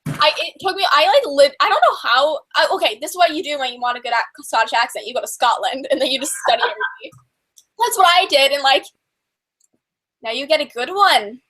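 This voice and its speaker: A young woman talks through a casual live stream in a high, bright register. She is bubbly and rambling, stacking fillers and restarting her sentences. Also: expressive, brisk, low-quality recording. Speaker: host.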